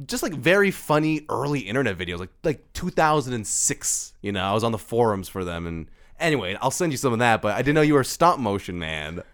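Lively, joking man in casual chat. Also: medium pitch, fairly quick, few pauses. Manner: animated, joking, laughs often. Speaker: podcast co-host.

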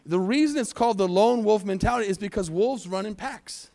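High-voiced pastor preaching energetically. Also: male voice. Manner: energetic preaching, questions to the congregation, slows for scripture. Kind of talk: sermon. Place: church sanctuary.

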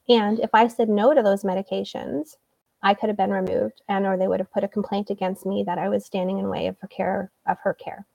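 Woman guest, low mellow tone with some gravel, sounds a bit off-mic in a dry room, telling a story and doing the other people's lines. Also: no echo, far from the mic, low-quality recording. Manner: retells events by acting out quoted dialogue. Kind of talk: conversational storytelling.

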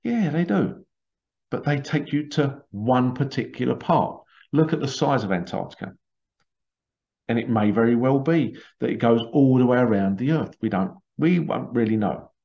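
A man's voice: medium pitch, lively intonation, normal speed, vocal fry, dark tone. A man telling a long, rambling story, full of restarts and acted-out quotes. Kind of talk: casual conspiracy talk, storytelling. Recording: dull lo-fi sound.

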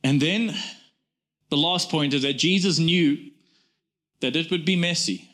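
A man in his forties delivers a church sermon in a high, ringing voice. He hammers his points through repetition and keeps turning to the congregation with "guys.". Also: measured pace, a bit bright. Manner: emphatic preaching, repeats phrases, addresses congregation as "guys". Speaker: pastor.

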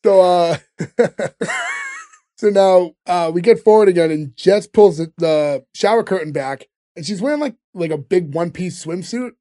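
A man's voice: sits high, moderate pace, dark tone. A man hosting a casual podcast, recapping scenes with lots of ums. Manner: recaps scenes with filler ums and quoted lines. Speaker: podcast host recapping episodes.

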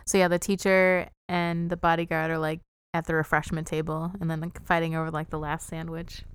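A woman's voice: low voice, little pitch movement, brisk, clear, resonant tone, no room sound. A woman co-hosting a podcast, chatting casually and cheekily about a movie, laughing often. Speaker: podcast co-host. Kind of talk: casual chat recapping a movie.

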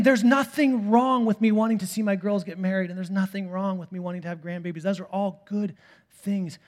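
A man in his thirties, a pastor preaching a sermon in a church, telling stories with swings from quiet asides to loud bursts. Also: high voice. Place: church sanctuary.

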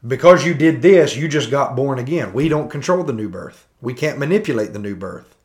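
A man's voice: medium pitch, expressive, fairly quick. A man in his thirties giving an earnest, preacherly commentary on a sermon, full of rhetorical questions. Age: 30s. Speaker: podcast host.

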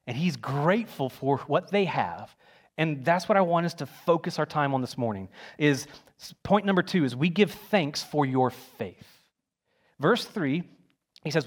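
Animated conversational male preacher. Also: on the high side, moderate pace. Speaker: pastor. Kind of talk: sermon.

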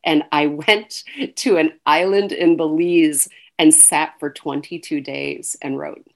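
A woman's voice: sits low, steady tone, slow, vocal fry, a little mellow. A woman, an author and guest, telling her story in a casual interview, acting out dialogue and laughing between phrases.

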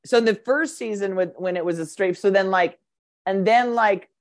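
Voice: mid-range voice, normal speed. A co-host of a podcast in casual chat, telling rambling stories full of restarts and profane asides. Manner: rambling storytelling with restarts and acted quotes.

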